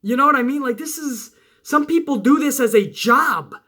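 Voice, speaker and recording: A man who talks loud, close to yelling, in a bright, forceful voice. His pitch swings up and down as he rants, and he swears often. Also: expressive, moderate pace. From Italian-American household. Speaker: wrestling channel host. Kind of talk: casual rant to viewers.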